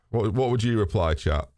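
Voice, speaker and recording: A British streamer chats candidly with his viewers during a live stream, rambling, swearing freely and laughing often. His voice is lowish with a darkish tone, captured in a dry, studio-quality recording.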